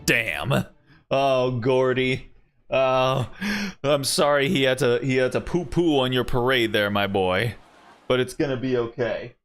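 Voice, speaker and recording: A man's voice: medium pitch, steady tone, a little slow, soft background music. A man streaming himself reading a story game aloud, breaking in with joking, self-deprecating asides to his chat.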